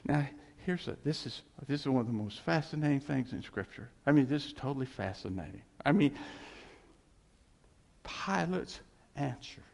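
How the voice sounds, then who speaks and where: Man, pastor sermon, slow unhurried delivery, gravelly fry, long hall reverb. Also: mid-range voice, a little mellow. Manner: emphatic, repetitive, chuckling asides.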